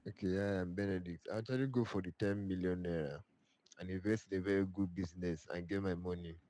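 Nigerian man, low voice, mellow, relaxed, matter-of-fact. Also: quick pace. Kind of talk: casual vox-pop answer.

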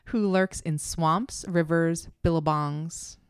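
A woman's voice: low-pitched, fairly even intonation, slow pace, clear, resonant tone, no room sound, studio quality. A woman co-hosting a casual podcast chat, laughing often as she explains things. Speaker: podcast co-host.

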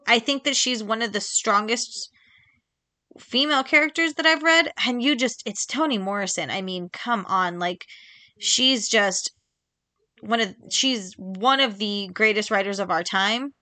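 A woman's voice: mid-range voice, pushed and bright, no room sound. A woman hosting a casual book podcast, talking chattily and emphatically, repeating points for stress with lots of ums and little laughs. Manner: quick laughs between points. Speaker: podcast host. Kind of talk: casual solo book chat.

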